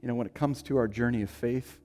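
A man preaching a sermon, swinging from loud, emphatic lines to hushed, quiet ones. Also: medium pitch, fast, soft background music. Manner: dynamic, shifting from loud to hushed. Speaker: pastor.

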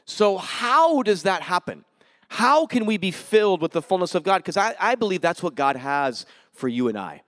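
A man giving a guest sermon in a church, casual and joking, with energetic preaching. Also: high-pitched, moderate pace, no room sound, clean studio sound. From Denver area, US. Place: church sanctuary.

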